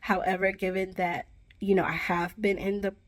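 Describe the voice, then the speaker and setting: A woman's voice: mid-range voice, flat delivery, moderate pace. A young woman, talking earnestly to camera in a personal vlog and using many "you know" fillers. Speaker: vlogger, journalism graduate student.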